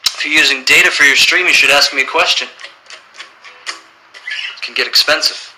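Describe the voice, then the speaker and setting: Thirties male, relaxed livestream Q&A host, very bright tone, faint background hiss. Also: a little high, normal speed, low-quality recording. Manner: relaxed, reads questions aloud then answers plainly. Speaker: musician answering fan questions. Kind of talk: casual livestream Q&A.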